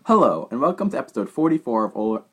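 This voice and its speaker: Giggly low-voiced woman podcast host. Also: very animated, fast, music in the background. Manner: giggly, keeps fumbling the intro. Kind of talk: casual chat.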